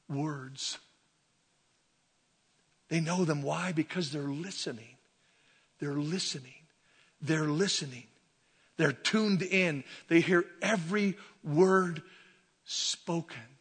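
A man preaching a sermon as a pastor, dramatic and preachy, swinging from shouted lines to hushed asides. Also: high-pitched. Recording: long hall reverb.

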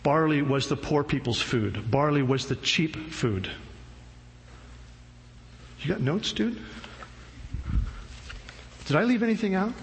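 Slangy, joking preacher in a hall. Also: male voice, on the high side, lively intonation, slow, long pauses. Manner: casual, slangy, humorous storytelling. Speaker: pastor. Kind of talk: sermon. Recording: long hall reverb, faint noise.

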